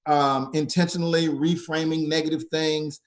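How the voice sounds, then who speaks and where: A man hosts a casual talk for a college. His voice sits a bit high, and he often restarts sentences and fills gaps with filler words. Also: flat delivery. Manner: halting, many restarts and fillers. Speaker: college staff host.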